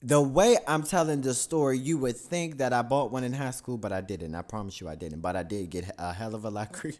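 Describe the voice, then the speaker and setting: A man's voice: medium pitch, brisk, a little mellow. A man telling a crude, candid confessional story to his listeners, rambling through self-corrections and laughing at himself.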